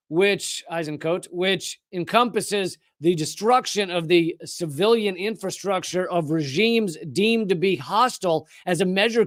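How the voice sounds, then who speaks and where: A man's voice: sits high, a bit bright, dry recording. A man hosting a live stream, giving political commentary in a sarcastic, mocking way.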